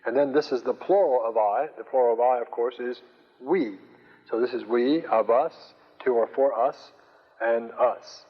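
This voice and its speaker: Man lecturing on Greek grammar, patient and halting, in a lo-fi recording with long reverb. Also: mid-range voice, slightly rough. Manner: slow, patient, hesitant with many fillers. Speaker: Greek teacher.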